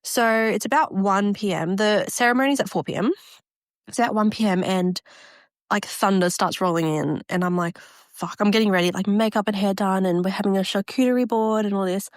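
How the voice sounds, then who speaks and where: A woman's voice: mid-range voice, no echo, clean studio sound. A young woman telling a story casually on a podcast, swearing freely and acting out what people said. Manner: swears freely, acts out quotes in other voices. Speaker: podcast co-host.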